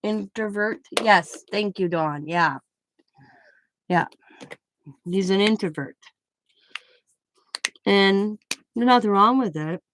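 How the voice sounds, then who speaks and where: A woman's voice: medium pitch, slow, long pauses, background noise. A middle-aged woman hosting a crafting live stream, chatting in a rambling, emotional way and trailing off mid-sentence. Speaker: craft channel host. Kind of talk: casual live-stream chat.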